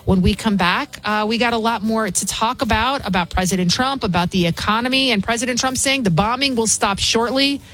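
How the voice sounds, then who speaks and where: A woman filling in as a talk radio host, delivering a scornful, combative monologue full of quick restarts. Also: a little high, fairly bright tone, low-quality recording.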